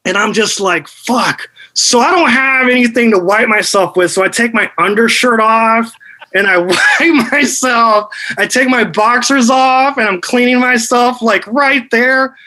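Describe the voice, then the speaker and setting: A man in his thirties tells a crude tale in a loose podcast chat, peppering it with "dude". His voice sits high and rings bright and forceful. He stays animated throughout. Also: measured pace, poor audio.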